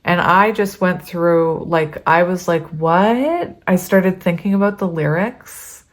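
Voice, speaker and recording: A woman's voice: fairly low pitch, fairly even intonation, unhurried. Chatty, emotional tarot-reading woman. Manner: chatty and emotional, reading aloud with many ums. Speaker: tarot reader.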